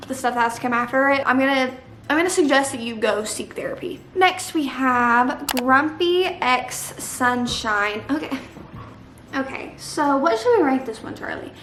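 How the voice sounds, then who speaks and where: In an echoey room with faint background hiss, a young woman who vlogs about books shares her opinions in a casual chat. Her voice is fairly high and fairly bright, and her delivery is dramatic.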